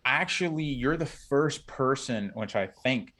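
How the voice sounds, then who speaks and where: A man talking as a podcast guest in a casual, halting way with many fillers. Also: medium pitch, lively intonation, fairly bright tone. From Cuban family. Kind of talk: casual chat.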